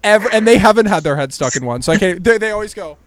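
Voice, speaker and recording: A young man with a fairly high voice on a comedy podcast. He talks excitably, swears a lot and keeps saying "dude". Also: racing, slight background noise. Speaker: podcast co-host. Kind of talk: casual chat.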